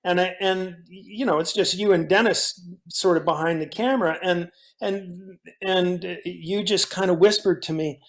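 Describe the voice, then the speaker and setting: A man, an actor guest, telling animated stories from a film set, often restarting his sentences. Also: high voice, measured pace, few pauses. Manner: animated storyteller, frequent restarts. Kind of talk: casual storytelling in a conversation.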